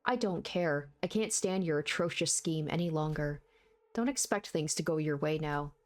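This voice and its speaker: A woman's voice: sits low, moderate pace, natural voice. A woman voicing a defiant teenager with a cool, mocking delivery.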